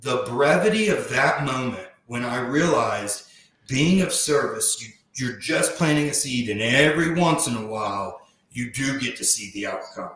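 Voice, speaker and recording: A man of middle pitch speaks with heartfelt sincerity, telling his own story and drawing out key words slowly. His voice rings through a strongly echoing room. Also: lively intonation, fairly bright tone. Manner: heartfelt, reflective, often slows down for emphasis. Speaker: podcast guest. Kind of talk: earnest personal storytelling. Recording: very echoey room.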